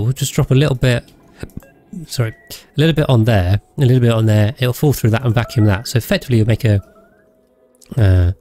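Man, mid-pitch, dark mellow tone; easygoing streamer thinking out loud. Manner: rambling, thinks aloud, thanks viewers. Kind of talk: casual gameplay livestream chat.

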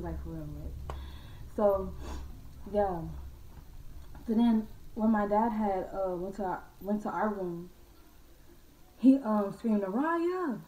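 A young woman casually telling a true ghost story to her viewers, slangy and animated, calling them y'all and acting out her own scared voice. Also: mid-range voice, distant mic, a little hiss or hum. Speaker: vlogger. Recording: echoey room from off-mic.

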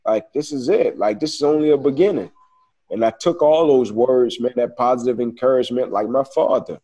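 An interview guest telling his own story, a man with a mellow, darker-toned voice. He speaks in an earnest, reflective way, loose and conversational. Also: mid-range voice, fairly quick.

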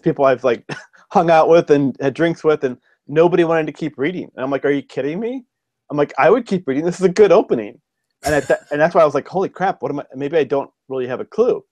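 On a podcast, a fiction writer tells stories casually, rambling with lots of ums and restarts. He speaks at medium pitch and sounds a little mellow, with no room sound in a muffled recording.

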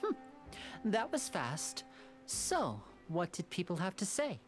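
A woman voicing a charming young stage magician, low and lively. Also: slow pace, soft background music, heavily acted. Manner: smooth, teasing and gently persuasive. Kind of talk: video game voice acting.

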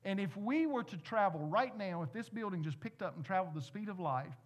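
A man's voice: high voice, animated, brisk. A man, a pastor, giving a conversational sermon, asking the congregation questions with playful asides.

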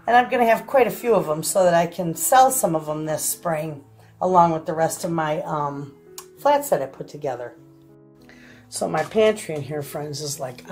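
An older woman vlogging casually from her home kitchen, chatting to her viewers as friends. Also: low voice. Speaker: homestead vlogger.

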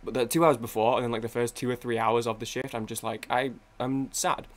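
A man's voice: medium pitch, steady tone, brisk. Young man, gaming chat, rambling, self-interrupting, swears freely, desk mic. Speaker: gaming YouTuber. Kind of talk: casual chat while playing a game.

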